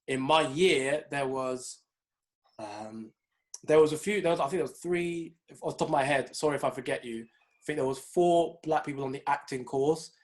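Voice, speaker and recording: A young man, co-hosting a podcast and telling stories in a casual, animated way. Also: mid-range voice, moderate pace. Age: young adult. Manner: animated storytelling, mimics people in raised voices. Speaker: podcast co-host. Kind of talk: casual chat.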